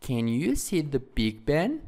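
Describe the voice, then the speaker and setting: A man's voice: mid-range voice, wildly swooping pitch, slow pace, darkish tone, full character voice. A male teacher reading a schoolboy's part in a textbook dialogue, in plain read-aloud style.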